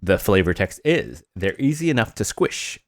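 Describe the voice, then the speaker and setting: A man with a fairly low voice co-hosts a relaxed podcast. His pitch moves up and down a lot, and he stumbles and giggles a bit. The recording is dry, with no room sound. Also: normal speed, no echo. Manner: hesitant, fillers and restarts, giggly. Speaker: podcast co-host. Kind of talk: casual podcast chat.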